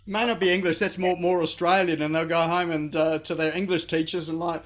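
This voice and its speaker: Higher-voiced man, hesitant business coach. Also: little pitch movement, fairly quick, few pauses, fairly bright tone. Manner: hesitant, with many fillers. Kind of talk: casual radio interview.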